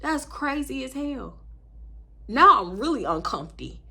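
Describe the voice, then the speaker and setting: Animated, husky storytelling woman. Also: sits high, measured pace. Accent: African American Vernacular English, Houston. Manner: dramatic, quoting others in big voices, swearing freely. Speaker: storytime vlogger.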